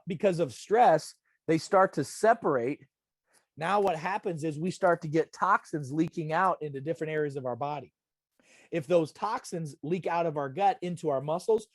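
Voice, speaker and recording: A man's voice: on the high side, no echo, clean studio sound. A middle-aged man giving a wellness talk over a video call, emphatic and repetitive, often checking in with "okay?". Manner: emphatic, repetitive, direct address with frequent "okay?". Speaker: wellness presenter. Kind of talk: live online health talk.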